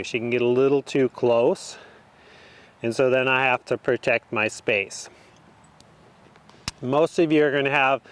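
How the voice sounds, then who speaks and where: A man training a horse outdoors, talking the viewer through each step in a relaxed, casual way. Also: mid-range voice, smooth. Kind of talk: casual instruction while working a horse.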